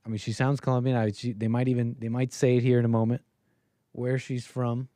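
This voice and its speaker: A man's voice: mid-range voice, flat delivery, fairly quick, warm tone, no room sound. A man hosting a live stream, reacting to a video clip in casual, sarcastic and rambling commentary that often repeats itself.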